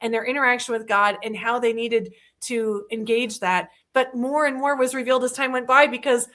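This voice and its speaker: A young adult to middle-aged woman hosting a casual faith chat, talking in an animated way and acting out quoted lines in little voices. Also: a little high, normal speed. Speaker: host.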